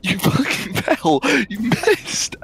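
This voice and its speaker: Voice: medium pitch, big pitch swings, takes it slowly, a crowd in the background. A co-op gaming partner who teases and mocks their teammate, swearing and laughing often. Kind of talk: casual gaming banter.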